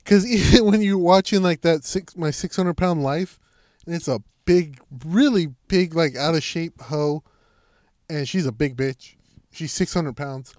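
Laughing, profane man with a slightly high voice. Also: darkish tone, no echo. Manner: profane, laughing, halting interjections. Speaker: podcast co-host. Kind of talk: crude casual podcast banter.

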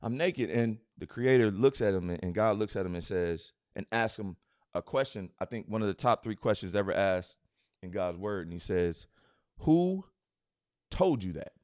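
A man hosting a podcast, giving a motivational talk in a casual, slangy way, driving his points home with repeated rhetorical questions that build to loud urging. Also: deep voice, moderate pace, clear, resonant tone, no echo. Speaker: podcast host. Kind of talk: motivational speech.

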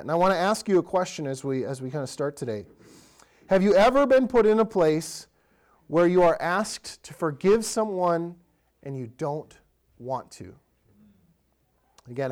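A man in his thirties, a pastor, giving a conversational sermon in a church, telling stories and asking the congregation direct questions. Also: on the high side. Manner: relaxed storytelling, asks the congregation direct questions.

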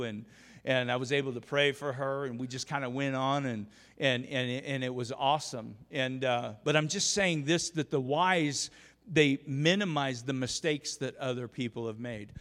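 A man's voice: medium pitch, steady tone, moderate pace, fairly bright tone, long reverb tail. A male pastor delivering an emphatic, storytelling sermon full of restarts, recorded in a church. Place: church sanctuary.

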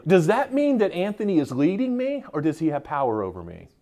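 A man's voice: on the high side, huge pitch swings, brisk, dark tone. Joking man giving a conference talk. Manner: joking and interacting with the audience. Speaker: conference speaker. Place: conference room with a live audience.

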